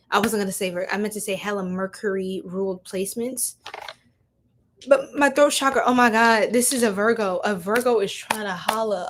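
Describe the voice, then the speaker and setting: A woman's voice: medium pitch, a little hiss or hum. Young woman, tarot reader, live stream, chatty, slangy, laughs a lot, mid-range voice. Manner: chatty, laughs often, slangy, talks straight to viewers.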